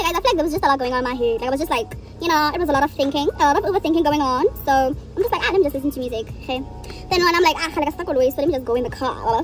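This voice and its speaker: A young woman, rambling casually to her viewers in a vlog and calling them "guys" all the time. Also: high voice. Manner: chatty, rambling, keeps saying "guys". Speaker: vlogger.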